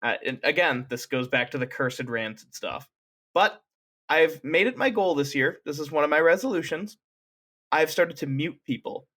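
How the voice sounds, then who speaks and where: A man's voice: a little high, expressive, normal speed, fairly bright tone. A man co-hosting a podcast in casual chat, rambling and restarting his sentences. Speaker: podcast co-host.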